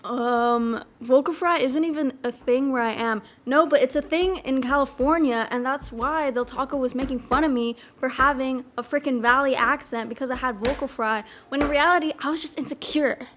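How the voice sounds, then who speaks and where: A young woman with a high, light voice rambles through casual chat as a streamer. She talks in loose, filler-heavy bursts and giggles between her thoughts. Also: moderate pace, hardly any pauses, fairly bright tone, slight background noise.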